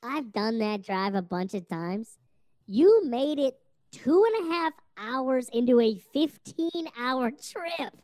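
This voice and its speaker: Lively woman co-host reacting with jokes. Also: high voice. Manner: quick reactions, swears, teasing. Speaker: podcast co-host. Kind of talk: casual chat.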